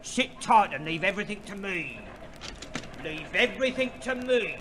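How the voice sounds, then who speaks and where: A brash fixer. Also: male voice, high-pitched, expressive, background noise. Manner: fast-talking, cheeky, full of slang. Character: brash young Cockney fixer, bossy and breezy. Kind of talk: 1950s radio play acting.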